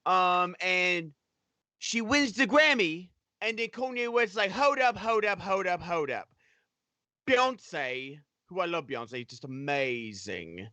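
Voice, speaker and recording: A man putting on a rowdy British-Australian bloke who swears and gossips, his pitch jumping up and down. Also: very animated, slow, pushed and bright, dry recording, heavily acted. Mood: mocking. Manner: swearing, slangy, swinging between high and low pitch. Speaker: panelist.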